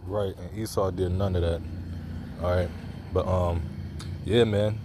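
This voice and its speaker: A man's voice: sits low, fairly even intonation, a little slow, heavy background noise. A man commenting on a news clip in a preaching way, informal and loose, with many fillers and a repeated "all right". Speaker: religious commentator.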